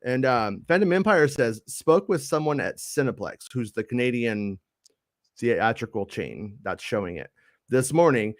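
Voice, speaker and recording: A man's voice: medium pitch, expressive, unhurried, dry recording, clean studio sound. A man hosting a casual chat show, rambling and joking with many fillers and restarts. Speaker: podcast host.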